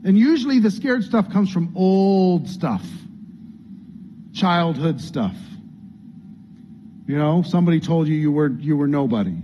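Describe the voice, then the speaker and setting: High voiced guy coaching a group, earnest and chatty, kinda dull lo-fi audio. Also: animated, a little slow, pauses often, slight background noise. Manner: earnest, conversational, acts out what people say. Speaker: business coach. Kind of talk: coaching talk to a training group. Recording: dull lo-fi sound, faint room ambience.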